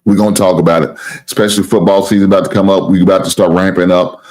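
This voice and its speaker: Talking at a quick pace, this sports talk show host has a deep, low-set voice. On his casual live sports stream he rambles and loops back, curses offhandedly and repeatedly promotes his channel, staying loose and relaxed.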